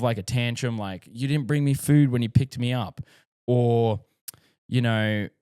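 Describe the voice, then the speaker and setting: A man's voice: medium pitch, darkish tone, no room sound, studio quality. A man, talking frankly in a rambling, sweary way about being a parent. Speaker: dad vlogger. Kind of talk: casual monologue.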